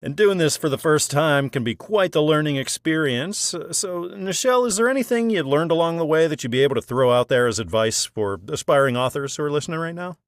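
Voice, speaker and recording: A man's voice: fairly high pitch, animated, brisk, few pauses, no echo, clean studio sound. A man hosting an author interview, encouraging and friendly, laughing along with his guest. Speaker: podcast host.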